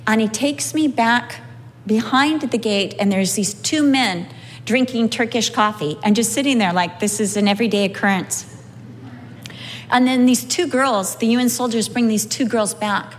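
A woman telling personal stories in a sermon, lively and humorous as she recounts them. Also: on the high side, normal speed. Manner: animated, humorous storytelling. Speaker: speaker sharing a testimony. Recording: long hall reverb.

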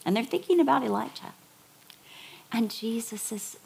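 Woman, preacher, sermon storytelling, slightly high voice, animated, hushed emphasis. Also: normal speed, vocal fry, pauses often, husky. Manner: animated storytelling, acts out quotes, drops to a whisper for emphasis.

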